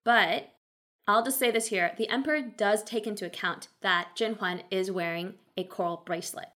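A woman's voice: mid-range voice, normal speed, a bit bright. A woman recapping a historical drama episode in a casual narrated style, with wry, sarcastic asides.

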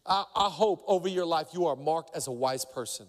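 A man's voice: fairly quick, few pauses. A middle-aged man preaching a sermon as pastor, telling stories and acting out the people in them with big jumps in voice. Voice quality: acts out quoted voices with big pitch jumps. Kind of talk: sermon with animated storytelling. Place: church auditorium. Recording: long hall reverb.

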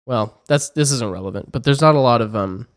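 A man's voice: mid-range voice, fairly quick, no room sound, studio quality. A young man co-hosting a casual podcast, speaking in an easygoing way with lots of hesitant fillers. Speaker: podcast co-host. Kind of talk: casual chat.

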